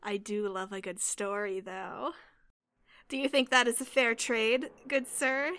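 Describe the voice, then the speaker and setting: A woman's voice: fairly high pitch, flat delivery, measured pace, bright, forceful tone, clear, resonant tone, no echo. A woman voicing a cackling, greedy female collector of curiosities, with a teasing, theatrical way of talking.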